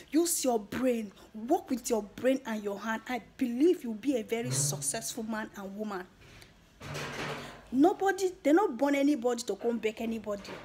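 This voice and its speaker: A woman's voice: on the high side, a little mellow, slight background noise. A woman with a Nigerian accent giving her viewers an earnest motivational talk, slipping into Pidgin phrases. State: emotional, near tears at the end. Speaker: YouTuber.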